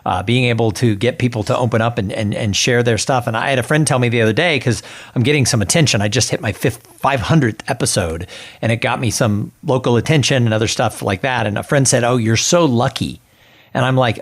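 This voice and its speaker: A man hosting an interview podcast, asking questions and chatting in a relaxed way. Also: mid-range voice, fairly quick. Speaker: podcast host. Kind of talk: conversational interview.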